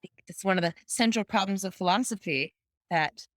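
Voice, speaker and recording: A woman's voice: medium pitch, brisk, a bit bright, no echo, clean studio sound. A woman in her thirties, a veterinarian guest on a podcast, speaking reflectively in casual conversation. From United States. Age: 30s. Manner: reflective, thoughtful. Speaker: guest, in-home euthanasia vet.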